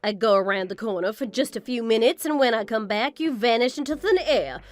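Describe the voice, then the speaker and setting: A woman's voice: on the high side, expressive, brisk, soft background music, close to an everyday voice. A woman playing a haughty, scornful mother-in-law. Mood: scolding. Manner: haughty, belittling, self-admiring.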